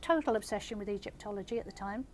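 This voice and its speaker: Older female author, gentle measured reader at a live event. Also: mid-range voice, a little hiss or hum. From England. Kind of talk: reading aloud then audience Q&A.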